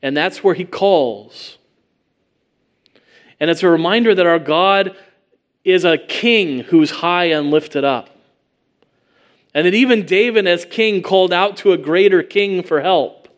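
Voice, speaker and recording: A male preacher with a slightly high voice works through a passage verse by verse. He speaks earnestly and often poses rhetorical questions. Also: unhurried, pauses often. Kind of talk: sermon.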